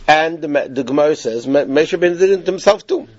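A man teaching a Torah class, telling the story in a lively, animated way, with frequent restarts. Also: a little high, fast talker, muffled recording.

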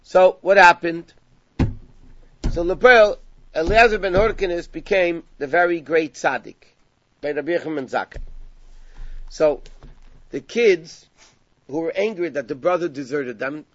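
A man teaching a Talmudic story to a class, acting out the dialogue with lively emphasis. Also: a little high, measured pace, pauses often, no room sound. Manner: animated, acts out dialogue with rising emphasis. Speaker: Torah teacher. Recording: dull lo-fi sound.

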